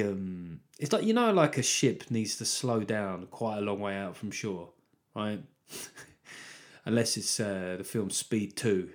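Rambling, sweary comedian. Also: male voice, fairly low pitch, a little mellow. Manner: rambling, sweary, self-deprecating. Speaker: comedian and podcast host. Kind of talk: solo podcast monologue.

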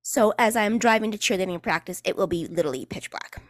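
A woman's voice: medium pitch, very animated, brisk, dry recording, clean studio sound. Sarcastic chatty New woman. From New York. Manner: sarcastic, chatty, swears casually, many fillers. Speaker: podcast host and cheerleading coach. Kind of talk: casual solo podcast chat.

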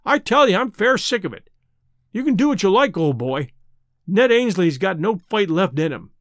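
A man voicing a hunted, hungry man putting on a surly, whining tramp act, talking roughly. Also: high voice, very animated, normal speed, no echo, studio quality.

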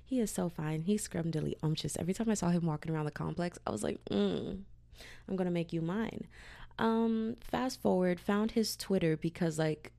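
Young woman, podcast host; slangy casual chat, lowish pitch, close dry sound. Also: brisk, vocal fry, few pauses, warm tone, no room sound. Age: young adult. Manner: chatty and slangy, with lots of "like".

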